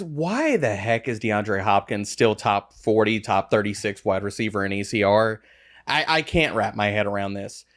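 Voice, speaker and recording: Emphatic ranting male co-host. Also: medium pitch. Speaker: podcast co-host. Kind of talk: casual podcast chat.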